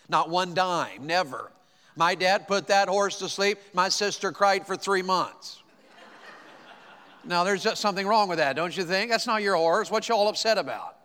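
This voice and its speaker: A man from Tennessee with a Southern accent, preaching a sermon, telling folksy stories with quick asides and slow, emphatic lines. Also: sits high, sharp tone. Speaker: pastor. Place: church auditorium. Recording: long hall reverb.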